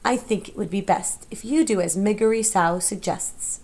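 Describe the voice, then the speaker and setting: A woman voicing a sly, menacing male rat villain in an audiobook, with smooth, coldly polite threats. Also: medium pitch, moderate pace, darkish tone, lightly acted. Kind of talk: audiobook character voice.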